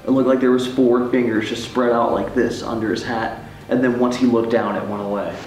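A man's voice: mid-range voice, flat delivery, brisk, distant mic, faint music behind. A young man investigating a haunted hospital at night, whispering and then exclaiming in casual chat. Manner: jumpy, often whispering, then loud exclaiming. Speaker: paranormal investigator. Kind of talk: casual ghost-hunt chat. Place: large abandoned hospital, indoors at night. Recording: very echoey hallway.

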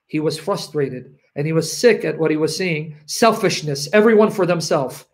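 A man's voice: fairly high pitch, animated, moderate pace. A man preaching to an online audience, acting out selfish voices that defy God and repeating phrases for emphasis. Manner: acts out selfish voices talking back to God, then tells a personal story. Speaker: Christian preacher.

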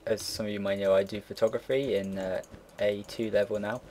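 A low-voiced young man in his late teens chats loosely as he builds something on his computer. He drifts between stories, loses his thread and swears offhandedly. A faint hiss sits under his voice, with soft keyboard clicks behind him. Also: steady tone, brisk. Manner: rambling and easily sidetracked, swears casually. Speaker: game builder narrating a build. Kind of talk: casual gameplay commentary. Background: keyboard typing and mouse clicks.

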